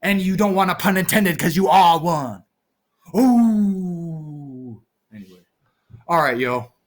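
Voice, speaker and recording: Goofy guy vlogging, slow and kinda high, rhyming off the top of his head. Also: animated. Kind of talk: rambling freestyle vlog chat.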